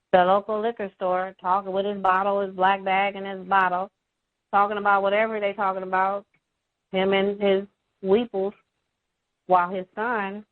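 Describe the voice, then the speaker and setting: A woman's voice: fairly low pitch, dry recording. Exasperated woman on a tinny phone line. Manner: animated, exasperated, acts out quoted voices. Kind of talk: casual phone-in storytelling.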